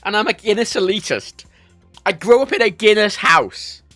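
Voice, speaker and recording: A man from Ireland, chatting casually on a livestream, telling stories in an animated, sweary way. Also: high voice, normal speed, dry recording, faint music behind. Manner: animated, sweary storytelling, reads chat aloud. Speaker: livestream host.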